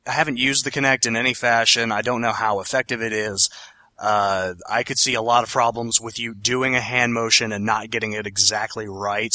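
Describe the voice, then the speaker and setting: A man's voice: mid-range voice, sharp tone, dry recording. A man co-hosting a podcast, chatting casually about video games in a rambling, self-correcting, opinionated way. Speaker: podcast co-host.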